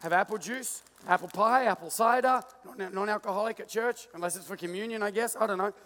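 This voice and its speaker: A man with an Australian accent preaching in a high, light voice. He jokes with the crowd and acts out his points on stage. The sound carries a long reverb from a big hall. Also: fairly quick. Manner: playful, joking, animated with the crowd. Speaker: pastor. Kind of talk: lively sermon with stage illustration. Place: large church auditorium.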